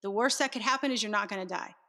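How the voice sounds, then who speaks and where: A woman's voice: medium pitch, rapid-fire, sharp tone. A middle-aged woman, a guest on an interview show, telling a candid personal story with earnest, emphatic repetition.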